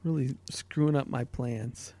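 A man's voice: medium pitch, measured pace, warm tone. A man co-hosting a podcast in casual chat, joking and full of fillers. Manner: joking, filler-heavy, laughs at own lines. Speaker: podcast co-host.

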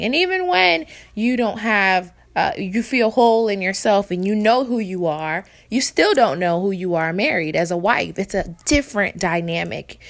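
Brief: woman, 30s, low creaky voice, candid rambling podcast co-host. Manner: candid, reflective, rambling with restarts. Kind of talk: casual couple's podcast chat.

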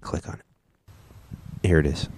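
A man's voice: normal speed, darkish tone, a little hiss or hum. A man hosting a podcast, giving loose, jokey commentary as he reacts to video clips. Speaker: podcast host.

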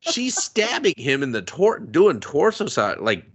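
Animated, foul-mouthed man recapping anime. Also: on the high side, unhurried, husky. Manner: profane, animated, acts out quotes. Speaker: podcast co-host. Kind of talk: casual anime recap chat.

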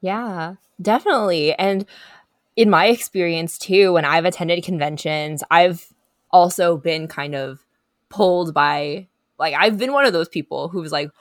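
A woman's voice: fairly low pitch, unhurried, no echo, studio quality. A woman co-hosting a casual podcast chat, earnest and rambling, often laughing between thoughts. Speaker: podcast co-host.

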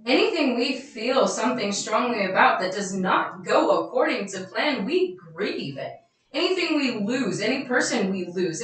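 A woman's voice: medium pitch, fairly bright tone. A woman hosting a podcast, giving earnest advice in a reflective casual talk and telling personal stories. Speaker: podcast host. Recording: echoey room, mic at a distance, faint music.

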